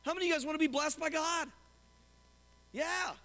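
A man preaching a sermon as pastor to his congregation, animated and often asking them questions. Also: extremely high pitch, a little fast. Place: church sanctuary. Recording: long hall reverb.

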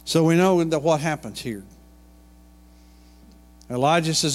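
A male pastor preaching in a folksy, storytelling way, with a slightly high voice. His words ring out in a long church reverb. He breaks off into homey asides as he goes. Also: unhurried, pauses often. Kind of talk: sermon. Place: church sanctuary.

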